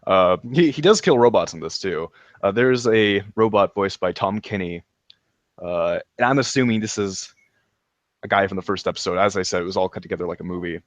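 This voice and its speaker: Low-voiced man gushing about a show. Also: a little fast, no room sound. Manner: enthusiastic, laughs while recapping, many ums and restarts. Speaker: podcast co-host reviewing a show. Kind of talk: casual review chat.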